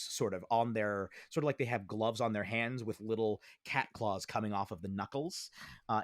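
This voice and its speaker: A man's voice: on the low side, no room sound, clean studio sound. A young man narrating as dungeon master in a tabletop game, talking with many fillers and restarts.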